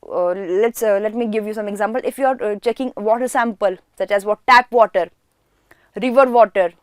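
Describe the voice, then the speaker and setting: A woman's voice: medium pitch, fairly quick, clean tone, no echo, studio quality. A woman teaching a chemistry class online, who asks questions and answers them herself and repeats key words for emphasis.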